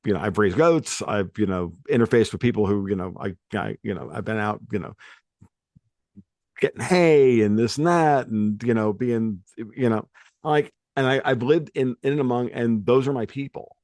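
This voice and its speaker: A man's voice: mid-range voice, moderate pace, darkish tone, no echo, studio quality. A man from New York hosting a podcast, chatting casually in a rambling way with many restarts. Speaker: podcast host. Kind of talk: casual chat.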